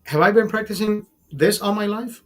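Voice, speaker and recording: A man with a fairly high-pitched voice hosts a casual livestream. He swears freely and talks emphatically. He keeps calling his listeners brother and circles back over the same words as he rants. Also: moderate pace. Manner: repeats and restarts words while ranting. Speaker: livestream host.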